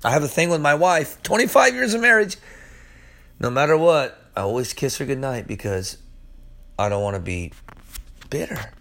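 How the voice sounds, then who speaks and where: A man in his forties, a pastor preaching and praying in earnest, emphatic bursts that drop to soft prayer. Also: mid-range voice, expressive, normal speed, vocal fry, pauses often. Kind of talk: sermon and closing prayer. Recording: loud guitar music behind.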